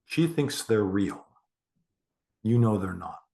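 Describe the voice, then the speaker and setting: A man leading a guided meditation, speaking slowly and deliberately with long pauses and a calm, reassuring manner. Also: lowish voice, gravelly.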